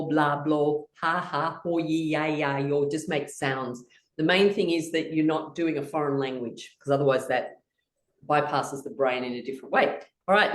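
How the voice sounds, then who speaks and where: Brief: woman, laughter yoga instructor, playful and encouraging, video call, distant mic in a roomy room. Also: lowish voice. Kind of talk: guided laughter yoga session.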